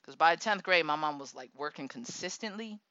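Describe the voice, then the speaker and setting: A woman in her thirties telling a personal story in a casual, animated way, laughing often and acting out the people she quotes. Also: sits low, brisk, dry recording. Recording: dull lo-fi dry recording.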